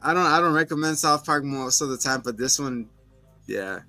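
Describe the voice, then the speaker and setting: Bright-voiced laughing man. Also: mid-range voice, moderate pace, no echo, soft background music. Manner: laughing, animated retelling with quoted voices. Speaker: podcast co-host. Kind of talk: casual chat recapping a TV show.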